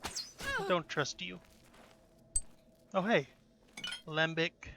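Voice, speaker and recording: A man's voice: high voice, huge pitch swings, drawn-out words, vocal fry, background noise. A man playing a game, commenting in a goofy, chatty way and talking back to the characters. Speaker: let's play gamer. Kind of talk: casual gameplay commentary.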